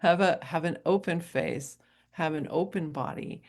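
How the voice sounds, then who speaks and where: A middle-aged woman from New Hampshire, giving a casual motivational talk as a coach, chatty and rambling and quick to laugh. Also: low-pitched, darkish tone. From New Hampshire, USA.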